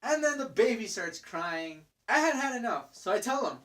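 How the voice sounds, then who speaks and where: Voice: mid-range voice, very animated, moderate pace, a bit bright. A young adult vlogger telling an exasperated story in a casual rant, swearing freely and using lots of fillers. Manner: profane, exasperated ranting with fillers.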